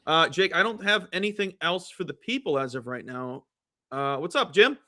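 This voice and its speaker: A man's voice: fairly high pitch, animated, normal speed, pushed and bright. A man co-hosting a sports betting podcast, joking with his partner in breezy banter. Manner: breezy banter, punchy plugs. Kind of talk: casual podcast chat with ad reads.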